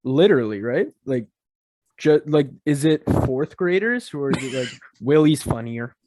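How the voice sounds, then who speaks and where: A man's voice: a little high, lively intonation, unhurried, a little mellow, no room sound. A young man, a podcast co-host, reacting in casual chat with jokes and disbelief. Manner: joking reactions, laughing along.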